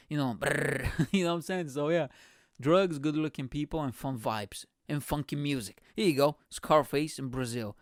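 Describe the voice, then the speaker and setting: Energetic profane man from Bulgaria. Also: a little high, normal speed, no echo, clean studio sound. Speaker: podcast host. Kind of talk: comedic monologue.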